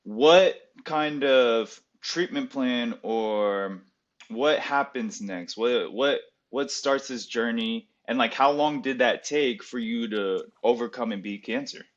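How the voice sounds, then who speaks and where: Slow-talking male podcast host. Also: medium pitch. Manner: slow, hesitant questions with fillers. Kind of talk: casual interview. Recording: dull lo-fi sound.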